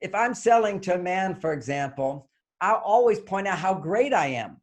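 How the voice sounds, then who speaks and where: A man's voice: high-pitched, moderate pace. An older man, a guest author in an interview, explaining his ideas and acting out little dialogues as he goes. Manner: animated, acts out little dialogues. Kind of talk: interview conversation.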